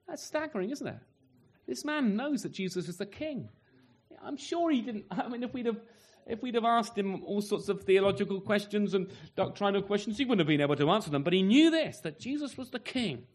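Male preacher, slightly high voice, earnest sermon delivery with rhetorical questions. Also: very animated, moderate pace. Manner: earnest, rhetorical questions, wide swings in pitch and loudness.

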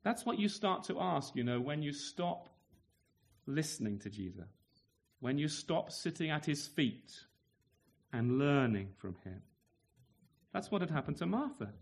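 A man's voice: on the high side, sing-song, a little slow, creaky, long pauses. A man preaching a sermon in a conversational way, asking tag questions and acting out the scene. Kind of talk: expository sermon.

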